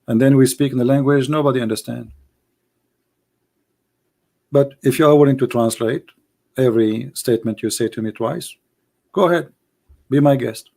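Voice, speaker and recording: This male host of a live call-in debate stream talks to callers and viewers at a normal speed with long pauses, his mid-range voice hoarse and a little mellow. Losing his voice, he coughs, yet stays combative and mocking, hammering phrases through repetition.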